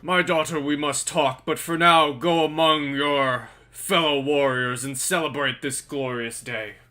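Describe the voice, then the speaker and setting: A man voicing an old Viking king who addresses his warriors and his daughter with loud, commanding proclamations. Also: on the high side, fairly even intonation, a little slow, voice pushed up. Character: booming old Viking king, proud father.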